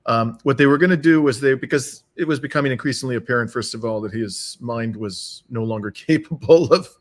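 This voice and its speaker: A man's voice: mid-range voice, a little fast. A man speaking as a guest commentator over a video call, emphatic and given to repeating phrases for force. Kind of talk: remote interview. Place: home in Canada.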